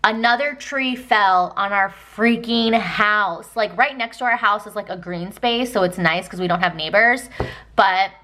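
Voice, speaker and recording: A woman's voice: medium pitch, unhurried, sharp tone, slight background noise. A woman in her thirties from Texas, chatting casually through a planner flip-through with lots of ums and likes. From Texas, United States. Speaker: planner vlogger.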